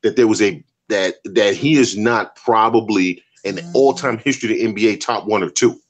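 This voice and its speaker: A man's voice: on the low side, normal speed, muffled recording. A man co-hosting a casual sports talk show, emphatic and slangy, repeating his points for effect. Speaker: podcast co-host.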